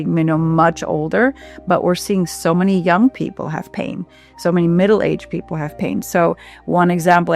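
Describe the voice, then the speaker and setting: A woman who founded a clinic, giving a heartfelt, emotional testimonial with halting fillers and repeats. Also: lowish voice, vocal fry, darkish tone.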